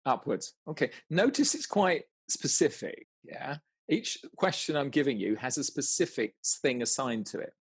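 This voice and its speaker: A man's voice: medium pitch, big pitch swings, moderate pace, slightly rough, no room sound. A man guiding a listener through an exercise in casual conversation, stumbling over words, restarting often and laughing as he goes.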